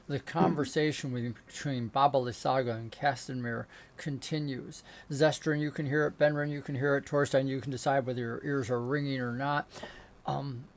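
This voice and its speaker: A man narrating as game master of a remote tabletop game, descriptive and rising into excited action narration. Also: mid-range voice. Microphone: remote call setup.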